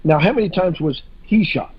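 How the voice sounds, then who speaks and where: A man with a somewhat high, husky voice talks through a casual podcast discussion. He hesitates a lot, with fillers and restarts. The audio is muffled and lo-fi. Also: moderate pace.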